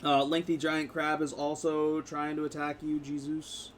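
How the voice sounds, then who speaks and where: Casual male game master, slightly high. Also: completely flat delivery, a little hiss or hum. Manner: casual, halting, with fillers and restarts. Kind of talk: narrating a tabletop game.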